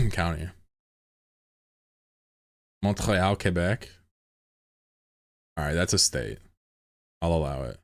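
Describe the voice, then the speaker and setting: A man with a deep, low-pitched voice, chatting with his stream viewers while he plays. He rants in a sarcastic, mock-indignant way. The sound is close and dry, with almost no room around it. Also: expressive, takes it slowly, long pauses, no room sound. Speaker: game streamer. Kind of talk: casual livestream banter with chat.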